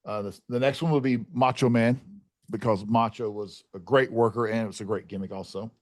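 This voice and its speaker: A man's voice: fairly low pitch, fairly even intonation, brisk, no echo, clean studio sound. A man co-hosting a podcast, talking in an enthusiastic, hype-filled manner. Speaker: podcast co-host. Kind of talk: casual chat.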